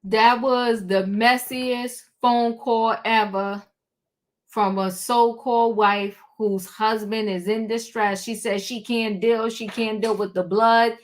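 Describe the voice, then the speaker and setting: A woman's voice: on the high side, fairly even intonation, slow pace. A woman hosting a live stream, commenting bluntly and reading news aloud. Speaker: host.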